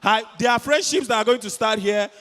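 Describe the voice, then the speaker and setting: A man's voice: high-pitched, a little fast, a bit bright. A Nigerian man with an Igbo accent, co-hosting a live event and rousing the crowd. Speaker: event co-host. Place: large event hall. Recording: long hall reverb.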